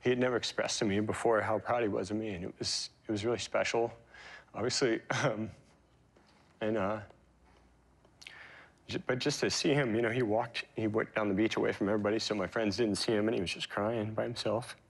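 Low-voiced man, halting and emotional. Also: fairly even intonation, vocal fry, breathy edge. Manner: emotional, halting, many fillers and restarts. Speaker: interview guest, pro surfer. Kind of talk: reflective interview storytelling.

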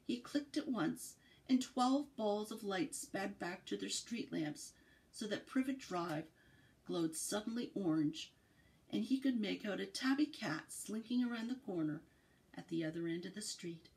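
A woman from a library reading a children's book aloud in an expressive storytelling cadence. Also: mid-range voice, unhurried, low-quality recording.

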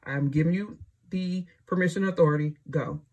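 A woman voicing a brisk, commanding divine male figure. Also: on the low side, a little mellow, highs cut off, natural voice.

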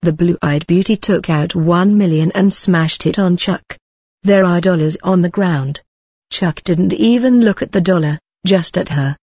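Husky, low-voiced woman, even synthetic-sounding story narrator, dry close sound. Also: a little slow, no room sound.

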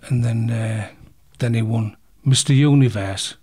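A man with a husky, breathy voice spins a yarn as an interview guest. He talks bluntly, swears freely and acts out the punches as he tells it. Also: mid-range voice, unhurried, dark tone. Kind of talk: casual storytelling.

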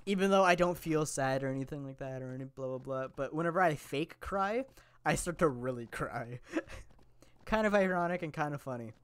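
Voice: medium pitch, lively intonation, normal speed, clear, resonant tone, no room sound. A gameplay commentator chatting casually and playfully to viewers, rambling, giggling often and joking about themself.

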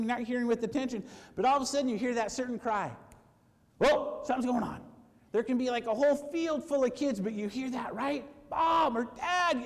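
A man preaching a sermon to his congregation, lively and conversational, calling for amens and acting out quoted voices. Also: very high voice, in a large hall. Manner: animated, acts out quoted voices, asks for amens. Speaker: pastor. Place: church sanctuary.

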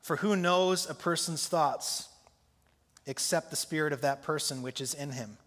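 Speaking a little slowly in a fairly high, slightly bright voice, a male pastor delivers his sermon in a relaxed, conversational way. He poses questions to the congregation, and the church sanctuary gives the audio a long reverb.

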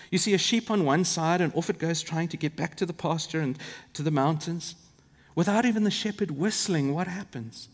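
A man from Africa, preaching a sermon in an earnest, vivid way with asides to the congregation. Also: high voice. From South Africa. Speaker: pastor. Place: large church. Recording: long reverb of a church hall.

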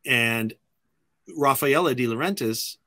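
Middle-aged male filmmaker guest, bright forceful tone, dry close sound, lively anecdotal storyteller. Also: medium pitch, takes it slowly, no echo. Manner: acts out other people's lines in lively voices.

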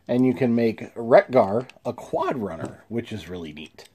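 A man chatting through a toy review in a mellow, darker tone. He sounds a little congested, clears his throat now and then, and keeps it easygoing with plenty of "uh"s and restarts. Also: medium pitch, wildly swooping pitch, slow, a little hiss or hum. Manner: easygoing, chuckling, many fillers and restarts.

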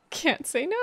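A woman hosting an anime reaction video, chatting casually and reacting emotionally with frequent laughs and gasps. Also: very high-pitched.

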